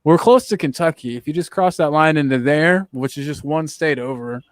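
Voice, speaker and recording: A man's voice: fairly high pitch, moderate pace, no echo. Joking man, dry sound. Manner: joking, self-mocking, playful. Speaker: podcast host. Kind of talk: casual chat.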